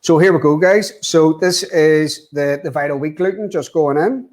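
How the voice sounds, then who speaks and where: A man's voice: on the high side, normal speed, darkish tone. A man cooking live on camera, talking viewers through a recipe in a chatty way, often saying "as I say" and "wee". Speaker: guest cook.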